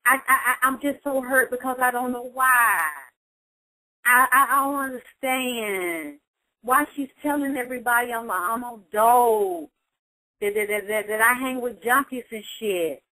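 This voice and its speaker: A woman's voice: medium pitch, fairly even intonation, fairly quick, pushed and bright, lightly acted, rough recording. A woman voicing a grown daughter who pleads and stammers as she complains about her mother. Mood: hurt, pleading.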